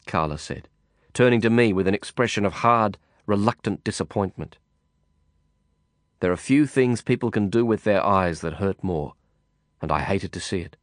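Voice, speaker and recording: A man reading a novel aloud in first person, measured and reflective. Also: lowish voice, no echo, studio quality. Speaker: audiobook narrator. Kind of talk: first-person audiobook narration.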